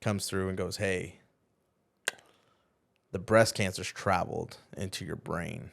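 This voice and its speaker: A man who is a youth pastor, telling a personal story on a podcast in an animated way, acting out what others said and saying "like" often. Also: deep voice, slow, vocal fry. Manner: animated, acts out quoted dialogue, heavy use of "like". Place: podcast studio.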